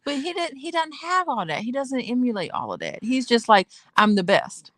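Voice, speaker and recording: A woman's voice: high-pitched, big pitch swings, brisk, fairly bright tone, dry recording, clean studio sound. A woman co-hosting a casual podcast chat, from the United States, talking emphatically and laughing often. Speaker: co-host.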